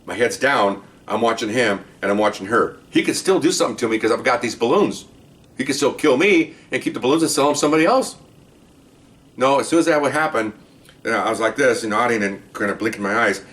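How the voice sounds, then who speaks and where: Recorded somewhat distant from the mic, an older man with a medium-pitched voice recounts his years working undercover as a cop. He tells these casual case stories quickly and animatedly, playing out each exchange himself.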